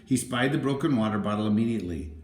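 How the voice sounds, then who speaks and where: A man's voice: on the low side, fast talker, darkish tone. Man reading a storybook, echoey room. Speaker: audiobook narrator. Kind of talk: storybook narration.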